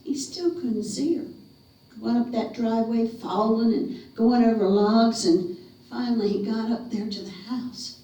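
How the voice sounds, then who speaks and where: Slow, dramatic woman folk storyteller from North Carolina, hushes for suspense; heavy echo, distant camera mic. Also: a little high. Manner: dramatic, slows and drops to a whisper for suspense. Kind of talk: theatrical ghost-story telling. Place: living room of a retirement community. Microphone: room camera mic at a distance. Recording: echoey room, mic far off.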